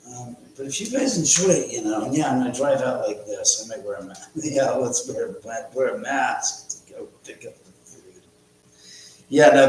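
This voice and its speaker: A man chats loosely on his own live stream at home, joking and reading viewers' comments. His voice bounces around a very echoey room. A faint electrical hum runs behind it. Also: mid-range voice. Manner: rambling, joking, reads chat aloud. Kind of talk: casual live stream chat.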